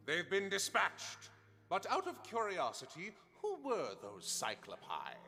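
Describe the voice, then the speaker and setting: A grandiose video game warrior who declares everything with pompous flair. His voice is high and bright, and it swings widely. Reverb and faint music fill the game audio. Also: wildly swooping pitch, unhurried, vocal fry, exaggerated voice.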